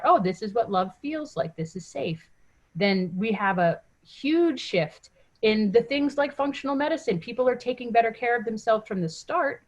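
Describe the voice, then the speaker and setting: Woman on a podcast, animated storyteller, acts out little quotes, easygoing chat. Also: a little high. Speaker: podcast guest, mom coach. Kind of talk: casual interview chat.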